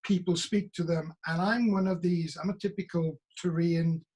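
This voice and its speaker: A middle-aged Welsh actor talking on a video call, telling stories in an animated way and acting out the voices of the people he quotes. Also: fairly high pitch, normal speed, slightly rough. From Wales.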